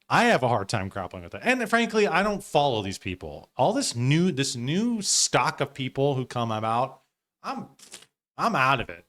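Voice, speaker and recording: A male host talks through a live stream in loose, profane commentary. His pitch sits in the middle but moves in a lively way, rising and falling as he reacts. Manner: loose, profane, animated, laughing asides.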